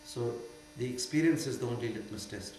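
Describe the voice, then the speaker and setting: An older man from India with an Indian accent, a spiritual teacher answering questions in an emphatic way that moves from quiet to loud. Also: mid-range voice, a little fast. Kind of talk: spiritual Q&A talk. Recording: very echoey hall with faint hum.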